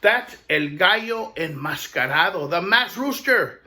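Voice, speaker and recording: A man playing a gentle storybook father, patient and reassuring in a warm, fatherly way. His voice sits fairly high for a man. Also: expressive, measured pace, full character voice.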